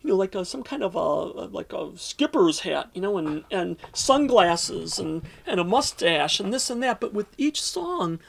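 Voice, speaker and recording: A man's voice: high-pitched, very animated, moderate pace, creaky, hardly any pauses, fairly bright tone. A man interviewee telling a long story in casual talk, rambling with many fillers and restarts.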